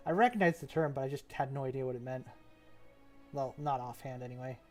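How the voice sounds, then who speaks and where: A man's voice: medium pitch, quick pace, faint music behind. A young man chatting casually as he streams, rambling and laughing often. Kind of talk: casual chat while mapping.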